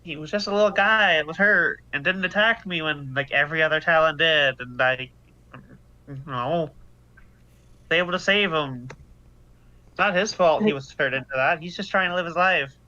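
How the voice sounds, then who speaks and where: A man's voice: fairly high pitch, normal speed, bright, forceful tone, dry recording. A man playing a tabletop role-playing game who talks hesitantly, with many restarts. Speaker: player. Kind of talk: tabletop role-play chat. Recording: dull lo-fi audio.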